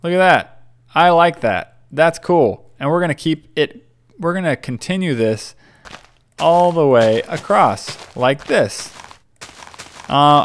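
A man's voice: on the high side, a little hiss or hum. A young man chatting casually while building in Minecraft, rambling and often stumbling over his words. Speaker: gaming YouTuber.

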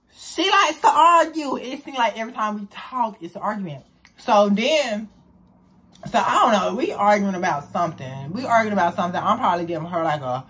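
Young woman, husky, chatty storytelling vlog. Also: on the low side. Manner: chatty, animated storytelling with slang.

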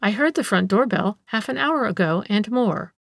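A woman's voice: medium pitch, lively intonation, normal speed, gravelly, a bit bright, no echo. Woman reading a wary aunt, storybook reading, dry and questioning, close dry sound. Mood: suspicious.

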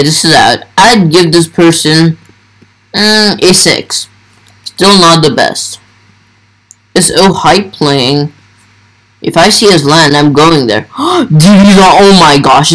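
A man's voice: fairly high pitch, fairly bright tone, low-quality recording. A man giving casual gameplay commentary, thinking aloud and talking to his viewers as he plays. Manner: thinks aloud while playing, talks to viewers. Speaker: gaming YouTuber.

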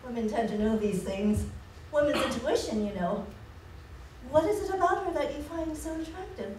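A woman playing a flustered, eager woman being courted, full of breathy exclamations, recorded in an echoey hall from far away. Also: sits high, lively intonation, moderate pace, noisy background. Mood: fluttery. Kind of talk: community stage musical acting.

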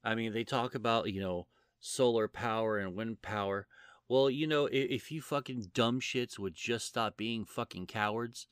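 A man's voice: on the low side, normal speed, clean tone, no room sound, studio quality. A man vlogging an angry, profane rant, stumbling over restarts as he talks.

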